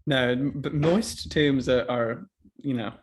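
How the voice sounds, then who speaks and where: A woman's voice: extremely low pitch, a little mellow. A woman playing in a tabletop game, chatting casually, joking and teasing the others. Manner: joking and teasing, quick to laugh. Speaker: player.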